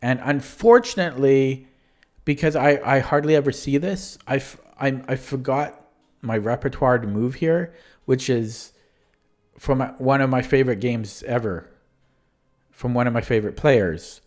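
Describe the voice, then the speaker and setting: A man's voice: mid-range voice, unhurried, darkish tone. A young man who is losing his voice, talking casually through his own chess tournament games on a live stream. He rambles, stops to correct himself and lets sentences trail off.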